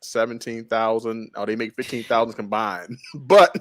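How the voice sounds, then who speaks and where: A man discussing a book chapter in a casual group talk, animated and laughing, repeating phrases. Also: fairly low pitch, moderate pace, no room sound. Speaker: book club member.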